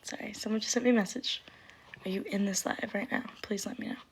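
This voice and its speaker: A tipsy young woman in her twenties rambles through a casual livestream, breathing heavily between thoughts. Her talk is self-deprecating and keeps slipping down into a soft, half-whispered murmur, at a mid pitch for a woman. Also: steady tone, quick pace.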